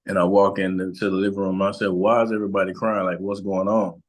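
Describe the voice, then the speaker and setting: A man, a guest on an interview podcast, speaks slowly and haltingly, with many fillers and restarts as he tells a personal story. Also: sits low, flat delivery, rough recording. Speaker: guest, relationship and trauma coach.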